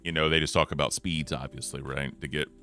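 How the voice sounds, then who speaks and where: A young man co-hosting a casual podcast chat, laid-back and rambling, often trailing off quietly. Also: very deep voice, steady tone, a little fast, faint music behind. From United States. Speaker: co-host.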